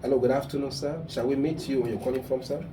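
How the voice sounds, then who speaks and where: A man's voice: mid-range voice, fairly even intonation, quick pace, dark tone, slight background noise. A man hosting a call-in advice show, speaking in an emphatic, preachy way that gets heated. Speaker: radio call-in host and counselor.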